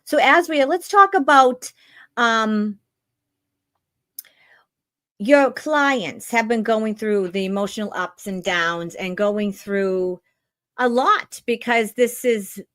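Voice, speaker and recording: A woman's voice: a little high, takes it slowly, long pauses, fairly bright tone, no echo. A woman hosting a spiritual talk show, giving earnest warnings and advice. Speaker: host, spiritual reader.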